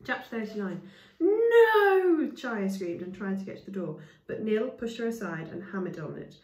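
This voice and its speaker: Reading a storybook aloud as a storyteller, a woman tosses casual asides to her listeners. Her voice is medium-pitched and brisk, heard from a distance in an echoey room.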